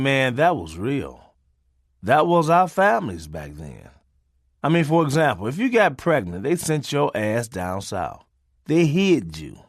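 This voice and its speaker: Man comedian, profane comic storytelling, lively delivery, dry close recording. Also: fairly high pitch, dry recording. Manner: profane, animated, laughs often. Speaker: comedian telling stories.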